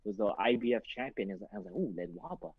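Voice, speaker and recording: A man's voice: fairly low pitch, racing, breathy edge, no echo. A man, a boxing trainer and guest, telling stories in a casual interview and acting out the voices of the people in them. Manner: animated, acts out quoted voices, many fillers. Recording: dull muffled lo-fi sound.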